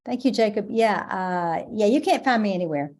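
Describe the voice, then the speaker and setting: A woman's voice: medium pitch, animated, moderate pace, a little mellow. A woman, a nonprofit finance director, introducing herself on a video call in a modest, stammering way.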